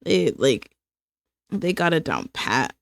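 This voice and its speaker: A woman's voice: low voice, sing-song, takes it slowly, creaky, no echo, studio quality. A young woman chatting casually as she draws on a stream, rambling with lots of fillers and breaking into laughs. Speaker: streamer and illustrator. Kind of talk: casual chat while drawing.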